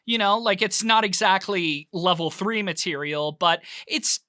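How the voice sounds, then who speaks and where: A man's voice: high-pitched, measured pace, pushed and bright, no echo, clean studio sound. A man narrating a tabletop game as game master, drawing out words for emphasis as he describes scenes.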